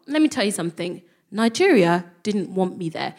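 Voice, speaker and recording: A young London woman with a mid-pitched voice tells comic stories to a live crowd. She is animated and swears freely. She slips into other people's voices as she goes. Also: normal speed. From London, England. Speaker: co-host. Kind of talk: comic storytelling before a live audience.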